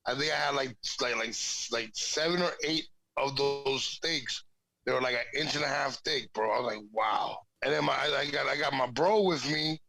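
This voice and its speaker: A man's voice: mid-range voice, moderate pace, gravelly, bright, forceful tone, soft background music, low-quality recording. A man from the Bronx, a pro wrestler and guest, talking in laid-back casual chat and laughing easily. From the Bronx, New York.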